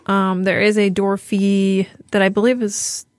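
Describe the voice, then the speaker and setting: A woman's voice: medium pitch, flat delivery, unhurried, no echo. A woman, the podcast's producer, chatting casually and hesitantly with many fillers. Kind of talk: casual chat.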